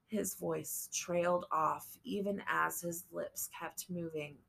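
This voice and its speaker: Woman narrator, low voice, unhurried, measured storybook reading. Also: steady tone, vocal fry, fairly bright tone, slightly rough. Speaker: audiobook narrator. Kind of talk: scripted narration.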